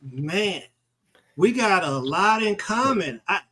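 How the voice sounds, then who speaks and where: A man who grew up in Michigan, co-hosting a casual interview show and talking in a relaxed way, often repeating words as he starts. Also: sits high, takes it slowly, breathy edge, rough recording. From born Arkansas, raised Michigan, USA. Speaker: podcast co-host, military veteran.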